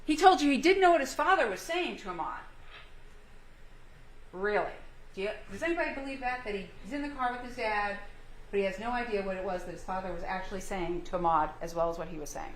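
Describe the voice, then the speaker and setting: A woman's voice: mid-range voice, fast. A woman prosecutor delivering a closing argument, pressing the jury with emphatic rhetorical questions. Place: courtroom. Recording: echoey courtroom with faint hum.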